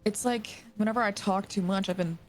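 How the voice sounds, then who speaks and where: A woman's voice: medium pitch, a little fast, faint music behind. A woman in casual chat, playful and joking, swearing freely, her throat a little sore. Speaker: streamer guest.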